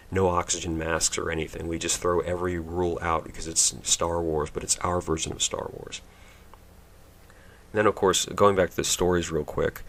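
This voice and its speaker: In a mocking, sarcastic movie review, a man with a low, deep and slightly bright voice rambles offhand from scene to scene. He pauses with fillers as he picks his next complaint and mimics characters in silly voices.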